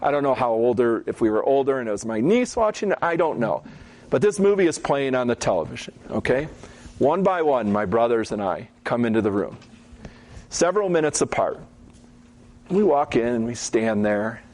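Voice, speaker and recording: Man, church teaching talk, conversational storyteller, middle pitch, frequent asides. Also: sing-song, moderate pace, darkish tone. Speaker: Bible teacher.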